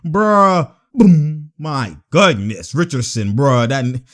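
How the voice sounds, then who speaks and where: A high-pitched man gives a live reaction commentary on game footage, his voice leaping all over the place. He talks casual and slang-heavy, laughs often and shouts at bad calls. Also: slow pace. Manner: excitable, laughing often, yelling at referee calls. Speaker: sports reaction video host.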